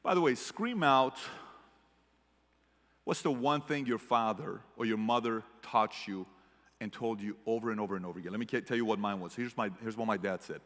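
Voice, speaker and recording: Keynote speaker, male, Middle Eastern background, bright punchy voice, storyteller energy, reverberant hall. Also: fairly low pitch, normal speed. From Middle East. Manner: animated storyteller, shifts from hushed to shouting. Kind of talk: motivational keynote speech. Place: large hall with audience.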